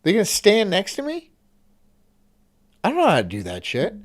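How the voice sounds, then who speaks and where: Man, streamer host, casual reaction talk, rambling, swearing, slightly high voice, bouncy pitch. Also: huge pitch swings, moderate pace. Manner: rambling, swearing, incredulous asides.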